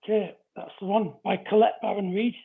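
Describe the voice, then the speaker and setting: A man's voice: high-pitched, little pitch movement, fairly quick, slightly rough. A man hosting a live-stream psychic card reading, chatting casually and greeting viewers by name as he explains the cards. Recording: narrow phone-like audio.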